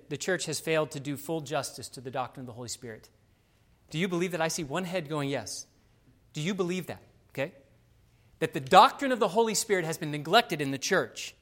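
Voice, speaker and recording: A middle-aged male pastor with a high-pitched voice delivers a sermon. He talks with emphasis, rising loud on key words and dropping soft for asides, and he addresses his congregation directly. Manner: emphatic preaching, wide swings from loud to soft.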